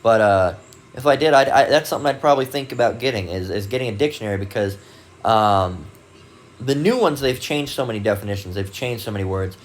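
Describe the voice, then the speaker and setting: This religious video host gives a casual, rambling Bible teaching talk packed with fillers and restarts, and he reads dictionary definitions aloud. His voice sits fairly low and moves fairly quickly, with a little hiss or hum in the recording.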